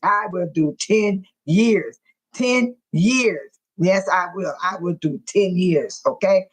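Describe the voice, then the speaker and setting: A woman with a husky, slightly breathy voice chats loosely on a live stream. She laughs often, teases her viewers and greets them by name. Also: on the low side, slow pace, low-quality recording. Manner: laughs often, teasing and excitable. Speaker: livestream host reading viewer comments. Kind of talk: casual live-stream chat.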